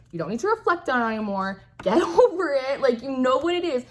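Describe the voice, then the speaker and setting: A woman's voice: on the high side, a bit bright, a little hiss or hum. A young woman giving a casual, chatty tarot reading, often checking in with "right?" and laughing. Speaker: tarot reader.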